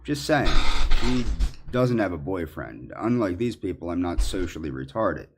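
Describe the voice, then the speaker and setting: A man in a ranting monologue, accusatory and indignant, halting with fillers. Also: deep voice, very animated, a little mellow, husky. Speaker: commentary subject in clips.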